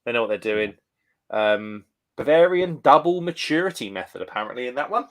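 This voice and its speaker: A man's voice: mid-range voice, animated, a little fast. A British man co-hosting a casual beer live stream, chatty and enthusiastic, reading out viewer comments. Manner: chatty and enthusiastic, lots of "um" and restarts.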